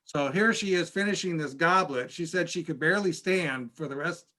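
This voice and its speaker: Bright-voiced man teaching a church class. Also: a little high. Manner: chatty, halting with many restarts. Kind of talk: casual storytelling lesson.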